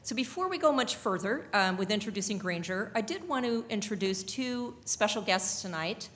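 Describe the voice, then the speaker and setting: A woman on a nonprofit's board welcoming guests at a dinner, speaking warmly with many fillers and restarts. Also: medium pitch, lively intonation. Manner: warm, halting, with many fillers. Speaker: board member introducing the event. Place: banquet hall.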